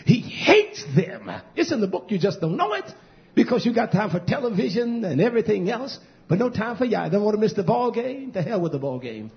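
A man's voice: high-pitched, big pitch swings, brisk, creaky. Fiery preaching man, muffled lo-fi sound. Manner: swings from shouting to hushed, repetitive preaching. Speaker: pastor. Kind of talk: fiery sermon. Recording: dull lo-fi recording.

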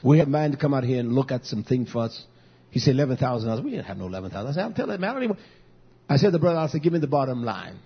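A man preaching as pastor, telling stories and quoting himself in an animated way. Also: mid-range voice, very fast, slightly rough, lo-fi sound. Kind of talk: sermon.

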